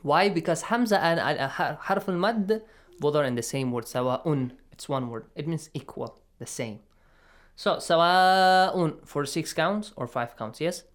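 A man's voice: a little high, animated, normal speed. Patient, encouraging recitation teacher, man. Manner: patient, encouraging, explains and models sounds. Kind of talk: radio lesson, coaching students.

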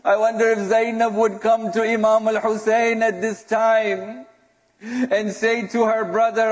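A man's voice: sits high, flat delivery, unhurried. A male preacher delivering a mourning sermon to his congregation, emotional and at times breaking into a crying chant. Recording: long hall reverb.

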